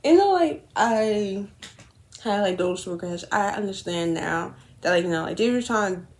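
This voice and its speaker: A woman's voice: mid-range voice, normal speed. Young woman rambling through a storytime. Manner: rambling, animated, frequent swearing and self-corrections. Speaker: vlogger telling a story. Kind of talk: casual storytime while doing makeup.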